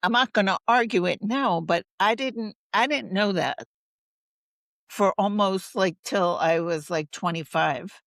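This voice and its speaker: A woman's voice: mid-range voice, unhurried, a bit bright, no room sound. A woman guest in a conversational interview, talking earnestly and thoughtfully and expanding her points with personal stories.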